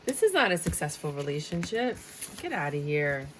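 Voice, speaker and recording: A woman's voice: sits low, big pitch swings, moderate pace, fairly bright tone, slight background noise, low-quality recording. A woman giving a casual tarot reading, chatty and dramatic, sometimes slipping into a sing-song tone. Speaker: tarot reader.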